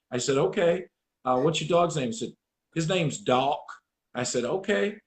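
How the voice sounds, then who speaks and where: A man's voice: fairly high pitch, brisk, reverberant, slight background noise. A man hosting a casual chat, telling dog-training stories with profanity and acted-out voices. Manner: profane, animated storyteller acting out voices.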